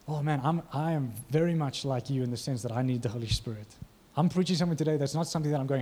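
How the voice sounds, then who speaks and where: Warm, husky-voiced male preacher. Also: mid-range voice, fast, few pauses. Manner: conversational, asks the congregation questions. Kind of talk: sermon.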